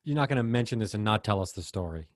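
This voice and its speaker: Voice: mid-range voice, lively intonation, very fast. A co-host in casual chat, with a dry, teasing manner and playful asides. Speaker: podcast co-host.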